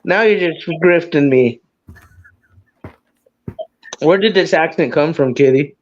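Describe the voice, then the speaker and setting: A man with a high voice hosts a casual livestream, teasing his guests and swearing freely as he laughs through the banter. The sound is dull and lo-fi, like compressed stream audio. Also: slow pace, a little hiss or hum. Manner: teasing, profane, laughs often. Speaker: livestream host.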